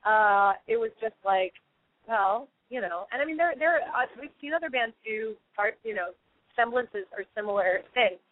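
A woman's voice: a little high, lively intonation, normal speed, no room sound. A woman musician guest chats loosely in an interview, circling her points with fillers and restarts. Her voice comes through a narrow, phone-like line. The sound is dry, with no room around it. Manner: rambling, heavy with fillers and restarts. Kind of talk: casual interview chat.

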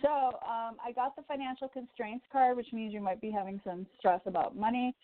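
A woman's voice: on the high side, fairly even intonation, normal speed. Chatty woman reading cards on a phone line. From Chicago. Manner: warm encouraging, chatty with laughs. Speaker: radio psychic reader and host. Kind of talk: call-in card reading. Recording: tinny phone-line sound, dry.

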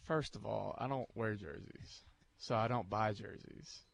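A man's voice: fairly low pitch, unhurried, gravelly. A man co-hosting a morning sports radio show in casual, joking talk.

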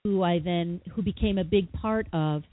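Husky lady guest telling her story on a tinny phone line, lots of voices for the people in it. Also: fairly low pitch, moderate pace. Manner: lively, dramatic retelling with quoted voices. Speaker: guest, psychotherapist and author. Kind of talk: animated storytelling in an interview.

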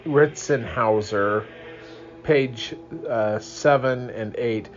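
A tired young man reads aloud at an unhurried pace, yawning and drifting off topic. The recording is slightly dull, with faint music behind him. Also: medium pitch. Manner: tired, yawning, rambling asides. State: sleepy. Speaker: reader of a religious book. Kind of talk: reading aloud with casual asides. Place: home, early morning.

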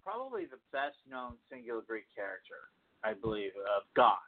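Male podcast host, rambling and halting, lively pitch, tinny phone-like sound. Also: no echo. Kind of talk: casual interview.

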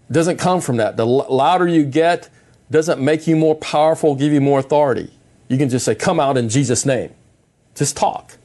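A middle-aged man delivers a sermon in an unhurried, conversational tone. His pitch sits right in the middle for a man, and he talks plainly instead of raising his voice, circling back over his own phrases. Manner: calm, plain-spoken, with repeats and restarts. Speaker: preacher.

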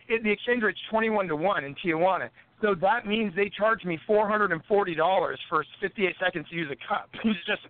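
A high-pitched man rattles off profanity-filled stories as a guest on a podcast, laughing between anecdotes. His voice comes through thin and tinny, like a phone line, with a dry sound and no room echo. He is a boxer from the United States, telling his tales in a loose, casual way. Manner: profane, swears constantly.

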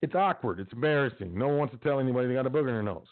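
A man of medium pitch speaks rapid-fire with lively intonation, hosting a podcast motivational talk. His style is casual and preachy with repeated urging, heard over tinny phone-like audio.

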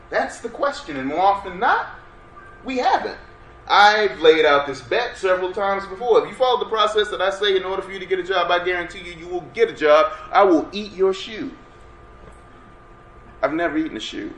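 In a roomy-sounding workshop room with faint background noise, a high-pitched man speaks a little fast. He gives an energetic, interactive lecture and keeps urging listeners to respond.

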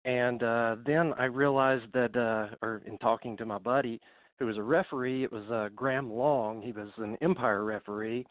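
A man's voice: mid-range voice, fairly even intonation, normal speed, dry recording. A man from Middle Tennessee, telling wrestling stories as a podcast guest, slightly out of breath, chatty with many fillers. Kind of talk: casual storytelling on a call. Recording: dry, phone-like call audio.

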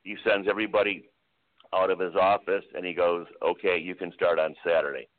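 A man's voice: low voice, little pitch movement, brisk. An older man, a veteran racetrack announcer, telling chatty anecdotes as a guest on a radio interview. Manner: chatty anecdotal storyteller, many "I said, he goes" retellings. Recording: phone-line call-in audio.

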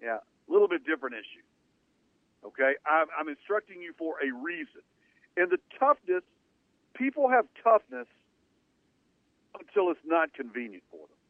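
A sports talk radio host, a man with a slightly raised pitch, drives his points home in an emphatic, punchy way. The sound is thin and narrow like a phone line, with no room around it. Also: very animated, normal speed, pauses often, no echo. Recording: narrow phone-like band, dry.

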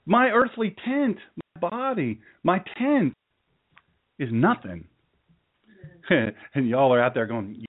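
A man's voice: fairly high pitch, sing-song, slow pace, long pauses, phone-quality sound. A man preaching a sermon to a live audience, folksy and joking, rambling through stories between laughs. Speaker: pastor.

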